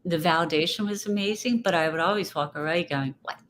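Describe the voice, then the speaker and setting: A woman with a low voice talks in a loose, reflective way, often circling back and restarting her thoughts as an interview guest. There is a faint hiss in the background. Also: fast, a bit bright. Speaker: guest speaker. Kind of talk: casual interview chat.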